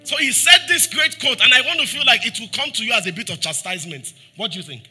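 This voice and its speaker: This Nigerian pastor is animated and fast-talking, his voice carrying a breathy edge over faint background music. He peppers the congregation with rhetorical questions and acts out scripture, dropping soft and low on the pleading lines.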